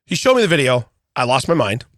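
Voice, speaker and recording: A middle-aged man co-hosting a podcast, telling an animated story in casual chat, often checking in with "okay?" and restarting his sentences. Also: medium pitch, quick pace, dry recording, clean studio sound. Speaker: podcast co-host.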